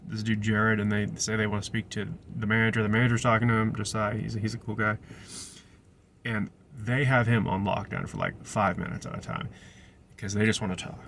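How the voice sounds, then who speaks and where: Low-voiced man rambling through a story. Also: a bit bright, a little hiss or hum. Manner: rambling, digressive, frequent restarts. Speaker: restaurant server. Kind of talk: casual storytelling.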